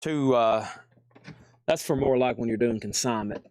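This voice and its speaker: A man's voice: mid-range voice, unhurried, a little mellow, dry recording, studio quality. Tired man selling records live. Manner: rambling, self-mocking, laughs often. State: tired and aching. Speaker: host of a live record sale. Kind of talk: casual livestream selling chat.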